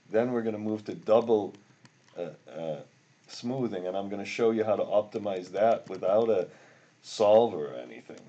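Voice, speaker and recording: An older man teaching a software tutorial while recording his screen, rambling and grumbling about bugs as he works. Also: low voice, husky, lo-fi sound. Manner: rambling, easily frustrated, grumbling asides. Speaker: instructor.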